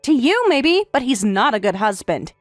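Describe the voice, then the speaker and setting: Voicing an exhausted young wife, a synthetic female narrator delivers firm, pointed, defiant comebacks in a text-to-speech story. Her voice is on the high side with wide pitch swings and a moderate pace, with no room sound and faint background music.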